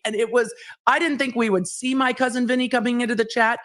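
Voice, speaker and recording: A woman's voice: fairly high pitch, steady tone, moderate pace. Chatty woman recapping a trial. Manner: conversational, chatty with fillers. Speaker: legal commentator host.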